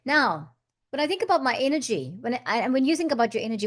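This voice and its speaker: This spiritual channel host has a high voice, talks fast, and is very animated. Her casual vlog is chatty and meandering with plenty of asides, and she occasionally breaks into flowing chanted syllables.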